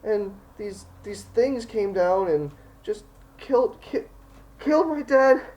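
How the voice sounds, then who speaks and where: A man's voice: high-pitched, animated, takes it slowly, a little mellow, pitched above the performer's own voice, poor audio. A man voicing a terrified five-year-old human girl who pleads and sobs in a tabletop game. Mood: frightened, pleading. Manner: sobbing, pleading, breathless rush of words. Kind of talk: tabletop game role-play.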